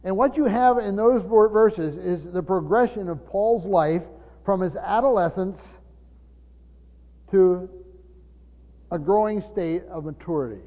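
With a voice that sits high, an older pastor delivers an earnest sermon at a measured pace, pausing often. Restarts and repeated words come up frequently. The recording is muffled and lo-fi, wrapped in long church reverb.

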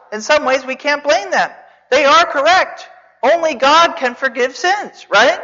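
A preacher giving a sermon, telling the story with animated asides, rhetorical questions and jokes. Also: high-pitched. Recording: dull reverberant hall recording.

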